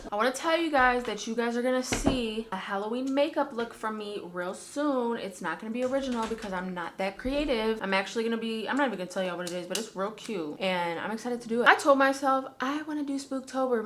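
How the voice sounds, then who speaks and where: Young woman rambling on her vlog, chill and candid, slangy, mid-pitched voice. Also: fairly bright tone, slight background noise. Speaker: beauty vlogger. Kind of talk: casual chatty vlog.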